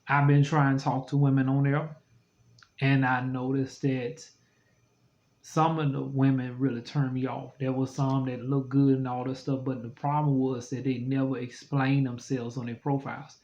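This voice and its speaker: A man of middling pitch rambles through his stories in a loose, animated vlog style, laughing easily as he goes. The recording sounds dull and lo-fi. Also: moderate pace. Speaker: vlogger. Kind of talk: casual storytelling to camera.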